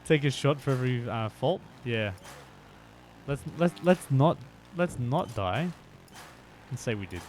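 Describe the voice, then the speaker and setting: A man's voice: medium pitch, expressive, measured pace, slight background noise. Chatty male game streamer. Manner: chatty, self-deprecating, bursts into shouts. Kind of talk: live stream commentary.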